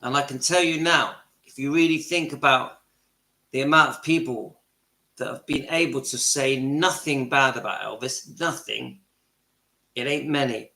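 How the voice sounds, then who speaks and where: A man's voice: medium pitch, moderate pace, creaky, pushed and bright, roomy sound. A middle-aged man hosting his own channel, delivering an impassioned monologue from home and repeating phrases for emphasis. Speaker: channel host. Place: his home, kitchen and lounge.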